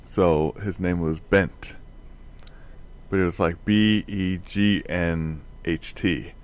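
A man's voice: sits low, steady tone, slow. A man in a casual group chat, telling rambling anecdotes and chuckling often as he goes.

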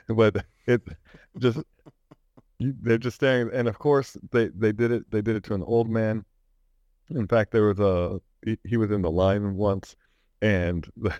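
A man with a low voice chats casually on a podcast, drifting through a story and chuckling along the way. The recording is dry and somewhat muffled, with no room sound. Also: a little mellow, no echo. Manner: rambling storyteller, laughs while telling. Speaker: podcast co-host. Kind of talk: casual chat.

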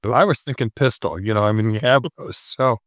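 A man's voice: fairly low pitch, a little fast, fairly bright tone, no echo. Dry-humored man in his sixties. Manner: dry, self-mocking storyteller. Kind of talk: casual chat.

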